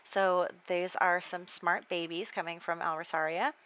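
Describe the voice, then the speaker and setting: A woman's voice: fairly low pitch, fairly even intonation, a little slow, fairly bright tone, clean tone, muffled recording. A young woman giving casual, rambling gameplay commentary as the host, with plenty of fillers. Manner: chatty, rambling, with many fillers. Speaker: let's play host.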